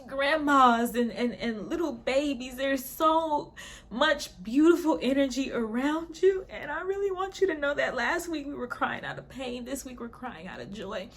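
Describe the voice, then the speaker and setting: A woman in her twenties hosting a show, giving a casual, slangy spiritual pep talk and leading a guided meditation with frequent laughter. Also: high-pitched. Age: 20s. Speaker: host.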